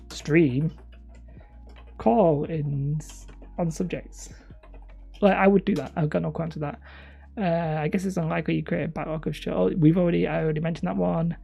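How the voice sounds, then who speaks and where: A woman's voice: lowish voice, vocal fry, mellow, slightly rough. A woman hosting a live stream, chatty and self-mocking, wandering off topic and sounding tired. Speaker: channel host streaming. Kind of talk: rambling live-stream chat.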